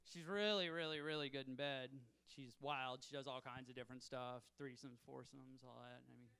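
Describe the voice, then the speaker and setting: A man's voice: medium pitch, steady tone, normal speed, creaky, sharp tone, clean tone. A young man doing a self-deprecating stand-up set on a comedy club stage, chuckling at his own jokes.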